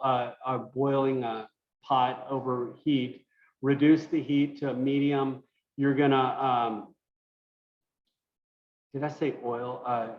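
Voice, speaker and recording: Male cooking instructor, casual and rambling, mid-pitched voice, roomy lo-fi call audio. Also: slow, pauses often. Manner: relaxed, thinking aloud with many fillers. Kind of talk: online cooking class. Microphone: video call.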